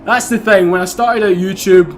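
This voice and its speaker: An excitable young Scottish man talks casually over a racing game in a high voice. He swears freely and laughs a lot, with faint music underneath. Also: moderate pace. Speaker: gaming YouTuber. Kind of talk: casual gameplay commentary.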